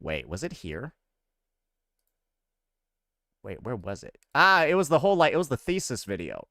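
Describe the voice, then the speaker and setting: Lively, chatty male streamer. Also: mid-range voice, fairly quick, no echo, studio quality. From American South. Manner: loose and chatty, repeats himself. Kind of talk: casual live-stream chat.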